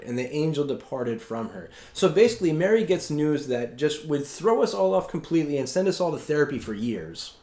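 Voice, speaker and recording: A man's voice: mid-range voice, big pitch swings, moderate pace, mellow, echoey room. A man preaching a sermon as pastor in a conversational way, often checking in with his listeners. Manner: conversational, keeps asking "right?".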